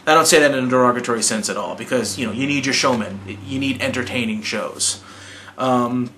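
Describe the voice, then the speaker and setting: A man's voice: mid-range voice, a little fast, bright, forceful tone, slight background noise. A man hosting a hot sauce video channel, talking casually to camera in a rambling, enthusiastic way and often correcting himself.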